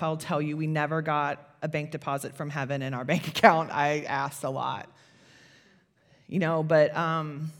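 A woman pastor, preaching a sermon in a conversational, animated storytelling way. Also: low voice.

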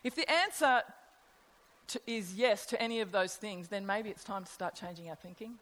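A woman's voice: medium pitch, normal speed, a bit bright. A middle-aged woman preaching a sermon in a conversational way, asking her listeners rhetorical questions. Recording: long hall reverb.

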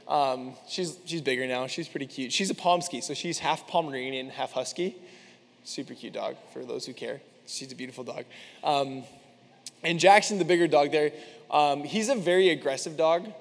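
A young man preaching in an easy, chatty way, earnest and loose with his fillers as he tells personal stories. His voice sits a little high for a man, and it rings out with the long reverb of a church hall. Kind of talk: casual sermon with personal stories.

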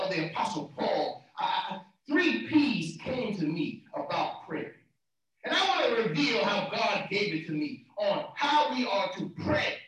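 A man preaching a sermon as pastor, fervent, swinging from soft talk to shouts and repeating words for emphasis. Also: high voice, very echoey, far from the mic, low-quality recording.

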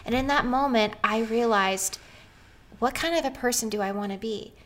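Telling a story from her own life on a podcast, a woman in her thirties sounds earnest and energetic and laughs frequently. Her voice is on the high side, at a moderate pace.

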